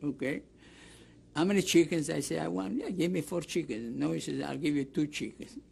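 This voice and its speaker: Older man, greek accent, gravelly, husky, rambling oral history storytelling. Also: a little high, brisk, darkish tone. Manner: rambling storytelling with many restarts, acts out quoted dialogue. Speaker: interviewee, camp survivor.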